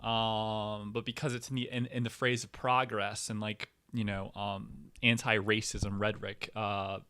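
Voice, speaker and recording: Bright-toned rambling male comedy host. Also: lowish voice, level tone, a little slow, smooth. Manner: rambling, tangents, frequent fillers and restarts, sudden whispers. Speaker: podcast host.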